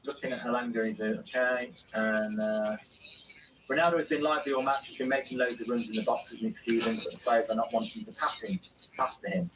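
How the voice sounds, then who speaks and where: A man's voice: mid-range voice, quick pace, recorded from a distance, over music, low-quality recording. A man hosting a live football watchalong, reading viewer comments aloud and answering them in casual chat.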